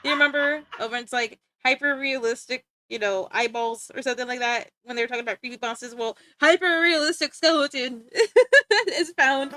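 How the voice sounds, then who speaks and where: A woman's voice: sits high, steady tone, brisk, sharp tone, faint music behind. A young woman streaming, chatting casually and rambling, easily sidetracked and giggling as she talks to her chat and friends.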